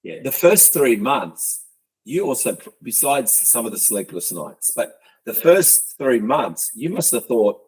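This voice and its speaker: A man's voice: medium pitch, lively intonation, normal speed, slightly rough, low-quality recording. A man hosting a podcast interview, telling teasing, joking stories in casual chat. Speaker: podcast host.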